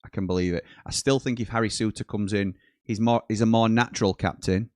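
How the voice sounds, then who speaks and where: Brit guy hosting a footy watchalong, kinda low voice, dry close mic, reads chat out and reacts. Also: brisk, no room sound. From Britain. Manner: reads viewer comments aloud and breaks into excited match commentary. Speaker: watchalong host. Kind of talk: live football watchalong chat.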